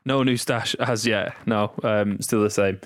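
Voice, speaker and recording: A man's voice: on the low side, fairly even intonation, measured pace, dry recording, studio quality. A young man, a rugby player co-hosting a podcast, rambling easily with lots of fillers. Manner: laid-back, rambling with fillers. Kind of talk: casual chat.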